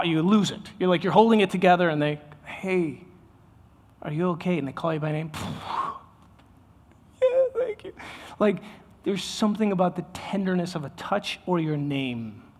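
A man's voice: on the high side, a little fast, big-room sound. A man preaching a sermon in a loose, conversational way, often restarting his sentences. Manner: conversational, self-interrupting, with many restarts. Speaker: pastor.

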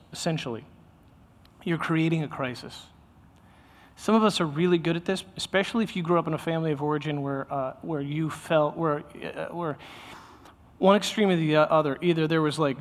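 A man's voice: on the high side, big-room sound. A man preaching a sermon in a loose, conversational way, often restarting his sentences. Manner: conversational, self-interrupting, with many restarts. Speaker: pastor.

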